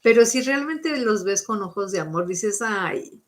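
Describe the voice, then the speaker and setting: A fairly quick, expressive woman with a mid-range voice runs a live-stream psychic card reading. She offers coaching advice, repeatedly checks in with "okay?", and shifts between Spanish and English.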